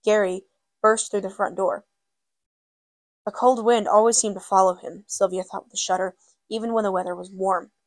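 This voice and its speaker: A woman narrating a novel in a measured, steady way, in audiobook style. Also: mid-range voice, no echo.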